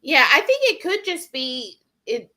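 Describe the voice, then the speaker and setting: Female co-host, bright and chatty, keeps the talk going with questions. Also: sits high, very animated, a little slow. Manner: chatty, many fillers, prompting questions. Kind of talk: casual chat.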